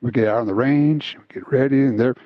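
A man hosting a casual talk show, telling stories in an animated, chatty way. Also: medium pitch, quick pace, no echo. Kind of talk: casual chat, storytelling. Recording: slightly dull lo-fi sound, dry.

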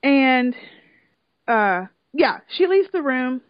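A woman's voice: high voice, big pitch swings, slow, no echo. A woman in casual chat, telling an emotional story with swearing and lots of feeling. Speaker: podcast co-host recapping a reality show. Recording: dull lo-fi sound.

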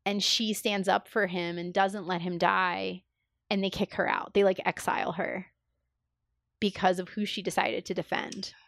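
A woman's voice: medium pitch, flat delivery, normal speed, gravelly, a bit bright, no room sound, studio quality. A woman in casual podcast chat, talking enthusiastically with lots of fillers and acting out quoted lines. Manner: enthusiastic, filler-heavy, acts out quoted dialogue.

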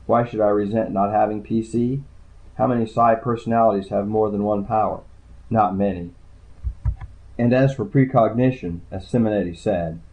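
Male audiobook narrator, dry and understated, low dark voice, lo-fi audio. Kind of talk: first-person audiobook narration.

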